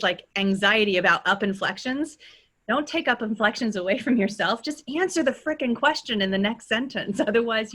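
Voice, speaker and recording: A woman with a Californian accent, teaching as a dialect coach and demonstrating sounds in a lively way, often checking in with "right?". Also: fairly high pitch. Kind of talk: teaching pronunciation in a workshop.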